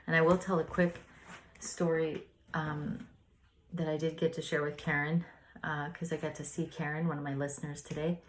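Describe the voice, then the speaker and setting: Low-voiced woman sharing a spiritual reflection. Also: level tone, moderate pace, slight background noise. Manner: rambling, earnest, many "like" fillers. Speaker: podcast host reading spiritual lessons. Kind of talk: casual spiritual reflection and storytelling.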